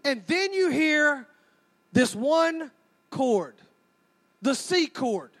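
Male stand-up, very high pitch, animated storyteller. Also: drawn-out words. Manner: animated, mimics sounds and crowds. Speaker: stand-up comedian.

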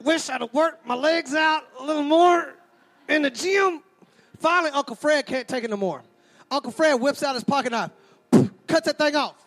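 A man telling a stand-up story, animated and full of mimicked sound effects. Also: extremely high pitch, moderate pace, soft background music. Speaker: stand-up comedian.

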